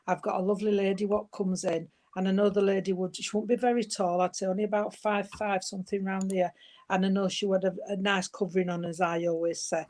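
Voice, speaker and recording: A woman medium giving a gentle, chatty spirit reading, calling her listener sweetheart and darling. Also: medium pitch, little pitch movement, fairly quick.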